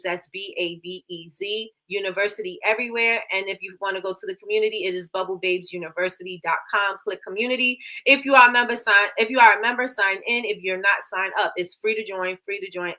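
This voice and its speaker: Bright-voiced woman hosting a livestream. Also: medium pitch. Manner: chatty, repeats phrases, reads stats aloud. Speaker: livestream host. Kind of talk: casual live business coaching.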